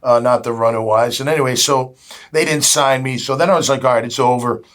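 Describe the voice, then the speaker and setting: Speaking briskly in a mid-range, fairly bright voice with fairly even intonation, this Jacksonville, Florida man in his fifties is a former pro football player guesting on a laid-back interview. He's chatty, leans on "you know" a lot, and performs the quoted lines from his stories.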